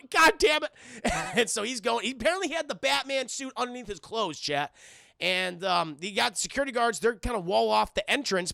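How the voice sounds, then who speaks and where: Male streamer, high gravelly voice, profane scene-by-scene recap to chat. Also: no echo. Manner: excitable, profane, keeps addressing chat. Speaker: streamer reviewing a cartoon. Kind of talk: live-streamed episode recap.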